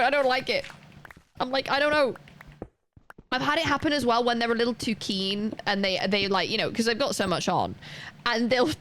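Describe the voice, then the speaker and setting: A woman's voice: on the high side, a bit bright, a little hiss or hum. Chatty woman streamer rambling to chat. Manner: chatty, rambling, laughs often, reads chat aloud. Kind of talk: casual chat with live chat while gaming.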